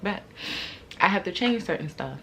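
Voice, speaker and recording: A woman's voice: moderate pace, creaky, a little hiss or hum. A young adult woman vlogger telling a storytime to camera in casual slang, acting out other people's lines and laughing often. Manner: animated, acts out quoted lines with big jumps in pitch and loudness.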